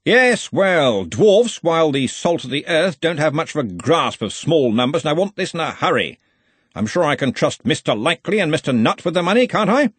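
Voicing a jovial old wizard chief, a male audiobook narrator booms out cheerful orders in a loud, commanding manner at a brisk clip. His sing-song delivery jumps up and down in pitch and has a husky edge, and the recording is close and dry.

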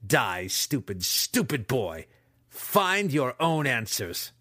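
A man voicing a roaring, gloating dark elf wizard. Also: mid-range voice, big pitch swings, no room sound, studio quality. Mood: menacing. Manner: growling, roaring, drawn-out snarls. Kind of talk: audiobook character voice.

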